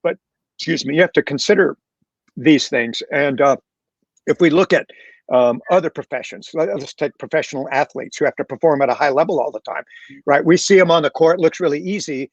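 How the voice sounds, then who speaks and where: A man's voice: fairly high pitch, brisk, no room sound, highs cut off. A man on a panel talking reflectively, with many fillers and restarts. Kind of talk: casual panel talk.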